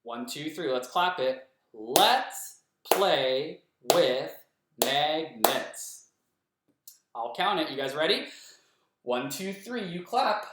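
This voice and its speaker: A man's voice: on the high side, sing-song, fairly bright tone. Young male kindergarten teacher, patient and encouraging, counts beats aloud, very echoey home room. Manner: slow, clear, encouraging, counts and claps along. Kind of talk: home-recorded remote lesson for young children.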